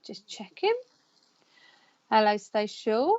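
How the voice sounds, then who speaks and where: A woman's voice: on the high side, sing-song, slow pace, highs cut off. A woman hosting a live psychic counselling stream, chatting and greeting her viewers by name. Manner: chatty, warm greetings, reads out viewer names.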